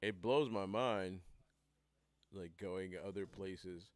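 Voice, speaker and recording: Philly-man, low voice, casual profane livestream rambler. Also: takes it slowly, no room sound. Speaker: band member hosting a live hangout.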